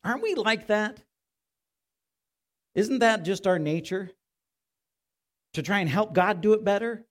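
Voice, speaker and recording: A man's voice: sits high, expressive, unhurried, pauses often. A male pastor giving a conversational sermon in a church, often asking his listeners rhetorical questions.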